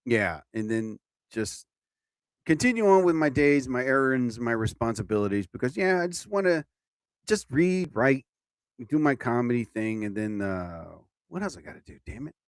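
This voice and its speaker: A man's voice: medium pitch, sing-song, normal speed, clear, resonant tone, no echo. A man hosting his own live stream as a comedian, chatting casually and rambling from topic to topic.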